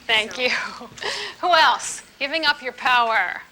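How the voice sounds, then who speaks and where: A woman giving a live relationship seminar to an audience, lively and emphatic, often playful. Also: high-pitched, a little slow, slight background noise. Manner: lively, emphatic, playful, laughs while teaching.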